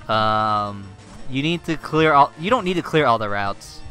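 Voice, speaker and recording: A man's voice: medium pitch, animated, a little slow, bright, forceful tone, faint music behind. A young man teasing his co-player with jokes during a casual gaming commentary. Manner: teasing, joking, breaks into mock singing. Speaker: Let's Play co-commentator.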